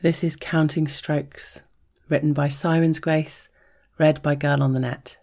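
A woman reading an intimate audio story aloud in a soft, unhurried scripted narration. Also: sits low, little pitch movement, gravelly. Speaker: story reader.

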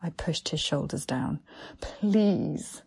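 A woman narrating an erotic story in a slow, hushed, breathy half-whisper. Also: low voice, little pitch movement.

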